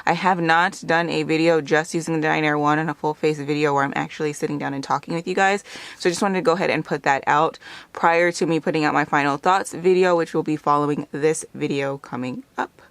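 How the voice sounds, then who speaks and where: A woman's voice: sits low, fairly even intonation, fairly quick, no echo. A woman talking casually through a makeup tutorial on her channel, chatty, with frequent laughs and lots of "like" and "kinda". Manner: chatty, laughs often, filler words like "like" and "kinda". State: a bit out of breath. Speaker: makeup vlogger.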